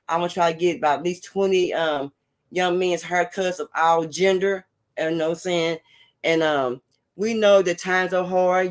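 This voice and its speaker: Animated high-voiced man chatting on a livestream. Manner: animated, laughing, repeats catchphrases. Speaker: livestream host. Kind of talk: casual livestream chat to viewers.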